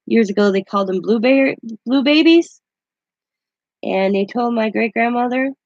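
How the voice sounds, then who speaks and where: A woman's voice: mid-range voice, no room sound. A woman vlogging on her craft channel, chatting casually and rambling through a long story with many restarts. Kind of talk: casual chat. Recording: dull lo-fi sound.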